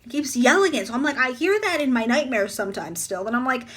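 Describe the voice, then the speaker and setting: Young woman rambling thru a story on her vlog, high voice, says like a lot. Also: very animated, fast, fairly bright tone, husky. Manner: rambling, chatty, lots of "like". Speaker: vlogger.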